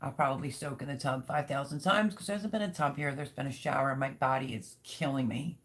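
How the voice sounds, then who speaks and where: Speaking briskly in a very deep voice, a woman hosts a laid-back livestream from her home. She rambles candidly and reads viewer comments out loud.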